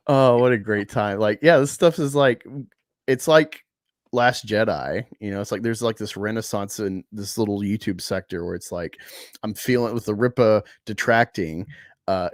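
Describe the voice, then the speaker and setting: A man's voice: fairly low pitch, a little slow, no echo, studio quality. A man in casual livestream chat who laughs often and reads text aloud.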